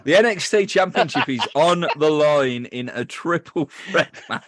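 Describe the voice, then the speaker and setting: A man's voice: fairly high pitch, lively intonation, moderate pace, a bit bright, a little hiss or hum. A man co-hosting a wrestling review podcast in casual, jokey chat, laughing often. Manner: jokey, laughing, stumbles over names. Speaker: podcast co-host.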